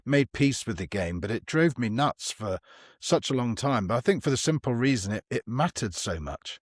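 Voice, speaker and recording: A man's voice: medium pitch, lively intonation, moderate pace, breathy edge, no room sound, clean studio sound. A man hosting a chat podcast, a golf writer talking candidly and mocking himself. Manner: candid, self-mocking and conversational. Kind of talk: casual chat.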